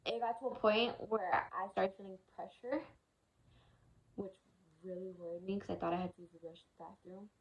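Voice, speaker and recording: A young adult woman vlogger tells a personal story in a casual vlog, her medium-pitched voice fairly even in intonation and moving at a moderate pace. She's frank, emotional and clearly frustrated, swearing freely and sounding exasperated as she recounts it. The recording has a lo-fi quality.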